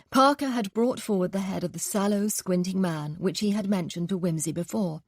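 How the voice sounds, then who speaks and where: Measured woman audiobook narrator. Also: medium pitch, dry recording, clean studio sound. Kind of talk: scripted narration.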